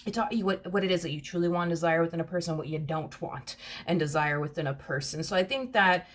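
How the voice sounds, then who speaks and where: A woman's voice: on the low side, fast talker. A woman giving a casual tarot reading, chatty and emphatic, repeating points and calling the listener honey. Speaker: tarot reader.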